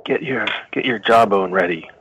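A man's voice: on the low side, moderate pace. An eager male player, speaking in character in a tabletop horror game. A faint hiss runs under his voice.

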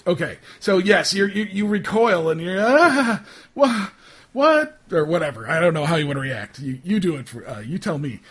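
Man running a tabletop game, high husky voice, halting delivery. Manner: halting, many fillers and restarts. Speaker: game master.

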